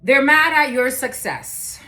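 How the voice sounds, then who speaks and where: A woman's voice: sits high, expressive, takes it slowly, sharp tone. A woman giving a casual, chatty collective tarot reading, cursing freely and using many fillers. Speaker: tarot reader.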